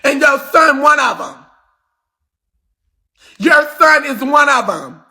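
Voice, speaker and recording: A man hosting a livestream, delivering a heated, confrontational rant with shouting and cursing. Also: very high-pitched, expressive, slow. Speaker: livestream host.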